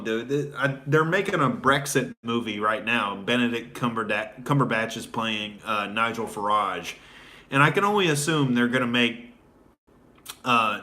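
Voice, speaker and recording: A man's voice: medium pitch, pushed and bright. A male comedian hosting a show, delivering a sarcastic, rambling political rant full of fillers. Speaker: comedian host.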